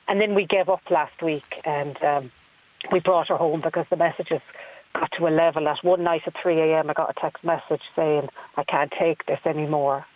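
A woman's voice: sits low, fairly even intonation, moderate pace. A woman calling in to a radio show, telling her story earnestly and hesitantly, with many ums. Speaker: caller. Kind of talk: radio phone-in. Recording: phone line on radio.

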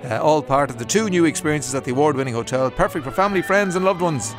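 A man's voice: on the high side, expressive, fast, music in the background. An Irish man presenting a radio show in a chatty, casual way, reading out listener messages. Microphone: studio mic.

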